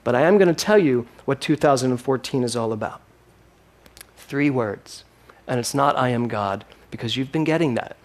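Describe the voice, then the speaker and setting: A man's voice: mid-range voice, animated, normal speed. A man preaching a sermon as minister of his spiritual center, with emphatic rising lines and playful asides.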